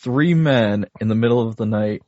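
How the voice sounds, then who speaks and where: Co-hosting a podcast, a man casually recaps a story with amusement and laughs often. His voice is fairly low and darkish at a normal speed, and the recording is dry and slightly dull.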